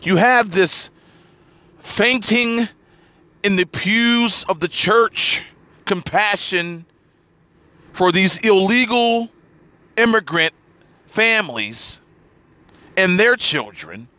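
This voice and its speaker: A man hosting a political talk podcast in a bright, high voice that swings widely in pitch. He speaks slowly and emphatically, leaning hard on words he repeats. The sound is dry and close. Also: animated, dry recording. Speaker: podcast host.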